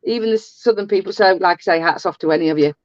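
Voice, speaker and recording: A woman's voice: medium pitch, fast talker, no room sound, muffled recording. A woman from the English Midlands with a Midlands accent, chatting and telling stories in a jokey way. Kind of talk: casual chat.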